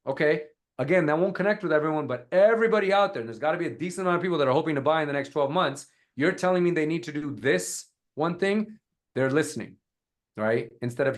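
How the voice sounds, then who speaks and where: Guy coaching on a webinar video call, energetic, leans hard on example lines. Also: on the high side, fast talker. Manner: energetic, demonstrates lines with emphatic delivery. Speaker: guest speaker on content creation.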